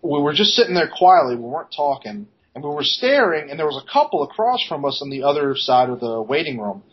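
A man co-hosting a podcast, telling a story in a casual, animated way, laughing and swearing as he goes. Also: fairly high pitch, brisk, slightly rough. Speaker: podcast co-host. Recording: dull lo-fi podcast recording.

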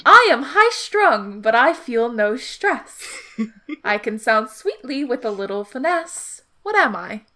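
A woman's voice: a little high, very animated, sharp tone, heavily acted. A woman doing a scheming riddle-master with a British accent. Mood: measured, theatrical. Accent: put-on British. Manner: slow, measured riddle recital. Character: scheming male riddle-master, nefarious and theatrical.

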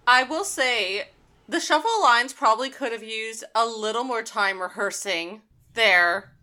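A woman's voice: on the high side, measured pace, sharp tone. A woman co-hosting a podcast, chatting casually with wry jokes and swearing. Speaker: podcast co-host. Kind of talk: casual chat.

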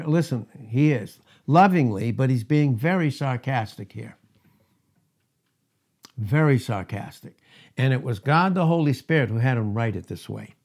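A man's voice: mid-range voice, expressive, normal speed, a little mellow. A male pastor preaching a sermon, emphatic, with rising and falling intensity.

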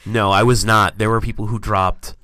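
A chatty man who swears freely as he tells his stories, his voice sitting low and smooth. The sound is dry and close, with no room around it. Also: normal speed, dry recording. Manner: profane, animated storyteller. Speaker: podcast co-host. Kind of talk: casual chat.

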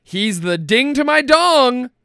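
A man co-hosting a comedy podcast, jokey and quick to laugh as he riffs. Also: very high-pitched, sing-song, gravelly, bright, forceful tone, smooth, dry recording, studio quality. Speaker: podcast co-host. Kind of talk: casual comedy chat.

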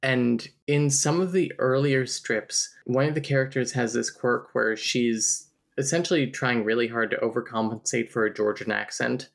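A woman's voice: very deep voice, steady tone, moderate pace, creaky, hardly any pauses. A woman co-hosting a casual book review chat, explaining points in a dry, wry way. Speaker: podcast co-host, critic.

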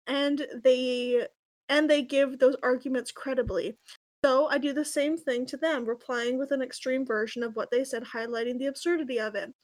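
A young adult woman giving a casual comedic reading of fan fiction, with mocking, deadpan asides. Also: high-pitched.

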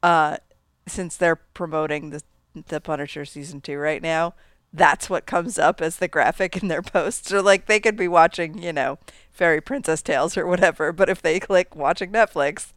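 A woman's voice: low-pitched, normal speed, no room sound, clean studio sound. A woman co-hosting a casual chat show, wry and amused. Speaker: podcast co-host.

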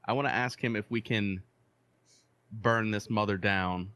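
A man with a fairly low voice plays his character in a tabletop role-playing game. He talks in a relaxed, drawling way. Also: a little slow, dry recording. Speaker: player. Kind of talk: casual tabletop play.

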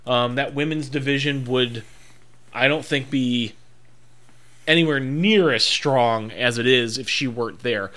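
A man's voice: medium pitch, bright, forceful tone. A man co-hosting a casual chat, giving strong opinions and thinking aloud with frequent ums. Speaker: podcast co-host.

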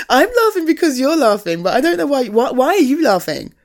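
In a high, very animated voice at a measured pace, a woman plays a young woman's blunt best friend in a one-sided audio role-play, speaking directly to the listener. Heavily acted, she swears freely and dishes out frank tough love with blunt caring.

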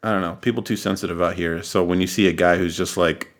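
A man's voice: deep voice, steady tone, fast talker. A man in a casual podcast chat, blunt and provocative, throwing in jokes.

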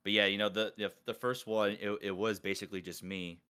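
Bright-voiced excited man on a call. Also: fairly low pitch, a little fast, clear, resonant tone. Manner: excited, rambling with many restarts and fillers. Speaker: podcast host and collab organizer. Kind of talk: casual group video-call chat.

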